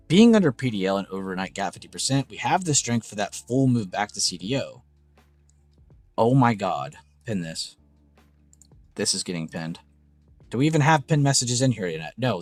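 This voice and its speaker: A young man hosting a casual live trading stream, excitable and gushing, swearing freely. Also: fairly low pitch, no echo. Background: faint background music.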